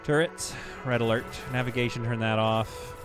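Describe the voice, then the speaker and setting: A man's voice: medium pitch, steady tone, moderate pace, over music. A man streaming a game live, chatting casually, laughing often and reading viewer comments aloud.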